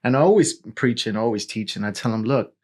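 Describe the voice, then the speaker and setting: A man in his forties, a pastor, telling his personal testimony in a lively storytelling way, full of "you know" and "right?". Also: medium pitch, fast. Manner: animated storytelling with filler words.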